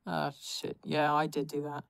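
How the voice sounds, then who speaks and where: A woman's voice: sits low, monotone, a little slow, gravelly, clean tone, no room sound, studio quality. A woman voicing a sheepish young male supervillain who speaks in an apologetic, hesitant way.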